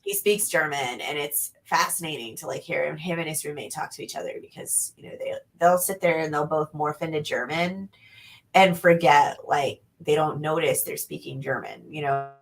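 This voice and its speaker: A woman's voice: low-pitched, moderate pace, creaky. A young woman hosting a casual livestream interview, bubbly and reading viewer comments aloud.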